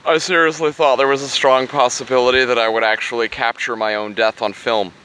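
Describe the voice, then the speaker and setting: A man narrating a comedic travel vlog with deadpan, crude jokes and offhand asides. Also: mid-range voice, brisk, a little hiss or hum. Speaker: travel vlogger.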